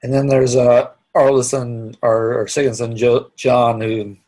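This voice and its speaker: A middle-aged man teaching a live online class, speaking earnestly with many pauses and restarts. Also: medium pitch, level tone, warm tone. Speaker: instructor.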